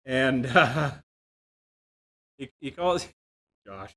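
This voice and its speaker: A man giving a software development talk, telling self-deprecating stories with jokes. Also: medium pitch, expressive, very slow. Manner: self-deprecating, jokey storytelling. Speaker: conference speaker. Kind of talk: tech talk with anecdotes. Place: room without a live audience.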